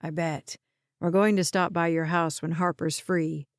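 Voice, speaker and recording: A woman voicing a patient, level-headed man who keeps his tone steady and reassuring. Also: lowish voice, no room sound, studio quality, pitched below the performer's own voice. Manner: quiet, measured, soothing. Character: steady, patient younger man, calm and careful.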